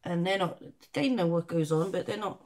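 A woman, a singer who is a guest on a podcast, telling a story in an animated way, swearing and laughing in casual chat. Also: fairly low pitch, normal speed.

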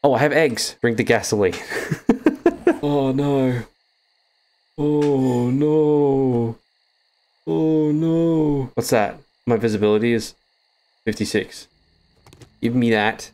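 A man's voice: mid-range voice, takes it slowly, pauses often, darkish tone. A young Australian man with an Australian accent giving jittery, swearing gaming commentary as a streamer, with nervous laughter.

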